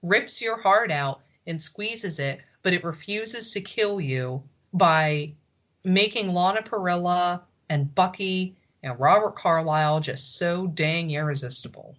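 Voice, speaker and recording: A podcast co-host with a fairly low, unhurried, slightly bright voice chats casually and thoughtfully about a TV episode, swearing here and there. The recording is dull and lo-fi.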